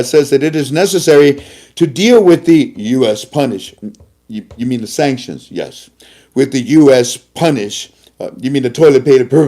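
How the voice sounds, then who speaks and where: A man's voice: medium pitch, mellow. A man hosting a casual talk show, telling a story animatedly and acting out both sides of a conversation. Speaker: host.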